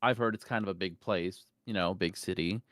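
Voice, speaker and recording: A man's voice: sits low, brisk, fairly bright tone, no room sound, clean studio sound. A man playing a tabletop game, speaking for his character in a hesitant, sheepish way. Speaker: player.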